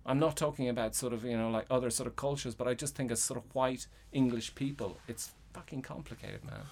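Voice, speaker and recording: A man's voice: medium pitch, a little fast, gravelly, darkish tone, a little hiss or hum. A middle-aged Irish man, a playwright, talking in a loose casual chat, rambling with lots of fillers and restarts and frequent swearing. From Ireland. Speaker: guest playwright. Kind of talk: casual conversation.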